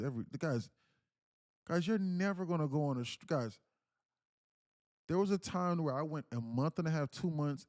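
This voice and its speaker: A man's voice: mid-range voice, warm tone. A man talks loosely to his live-stream audience, full of slang and restarts. He circles back to the same phrases as he pushes his advice. The tone stays earnest and insistent, like a coach leaning on his crowd. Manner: slangy, repeats himself, keeps calling out "guys, listen". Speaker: day-trading livestream host. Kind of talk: casual live-stream talk to viewers.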